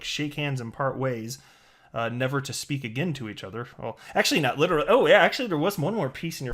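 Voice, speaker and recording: A man's voice: mid-range voice, fairly bright tone. A man hosting a crypto channel, reading a legal document aloud and breaking off for sarcastic, incredulous asides, with frequent restarts and chuckles. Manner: chuckles often while talking.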